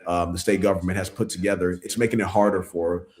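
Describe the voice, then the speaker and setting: Earnest man, low voice. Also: quick pace. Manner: earnest, animated, laughs at himself. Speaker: city council member and candidate. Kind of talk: casual interview chat.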